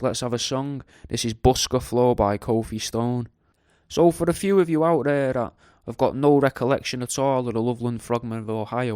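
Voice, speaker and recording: A middle-aged man hosts a radio show, rambling in a jokey, crude, tangent-prone monologue and tacking questions onto the ends of his lines. His mid-range voice is clear and resonant, with studio quality and no echo.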